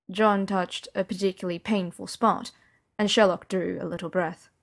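Low-voiced woman narrator, quiet intimate audiobook read. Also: steady tone, normal speed, creaky.

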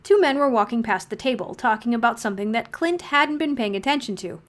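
A woman narrating a fan-fiction story aloud in a steady, wry storytelling manner. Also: fairly high pitch, fairly quick. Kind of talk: audiobook fan-fiction reading.

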